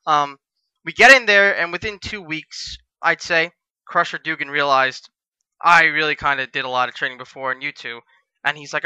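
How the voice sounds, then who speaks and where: Fast, bright-voiced man telling stories. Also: on the high side, smooth, no room sound, highs cut off. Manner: animated, acts out quoted voices with profanity. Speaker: podcast co-host, wrestler. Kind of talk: casual podcast storytelling.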